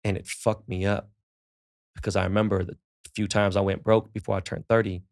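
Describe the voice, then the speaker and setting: A middle-aged man with a low, gravelly voice, spinning profane stories as a podcast guest. He slips into the people he quotes as he talks, keeping it loose and laid-back throughout. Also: little pitch movement, a little fast. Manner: profane, laid-back storyteller who acts out quoted dialogue. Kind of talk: casual storytelling in a podcast interview.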